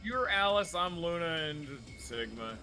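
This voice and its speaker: A young man with a bright, ringing voice and a slightly high pitch, joking through a gameplay chat in a quick-to-laugh, excitable way. Faint game music sits underneath his talk. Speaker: let's play host.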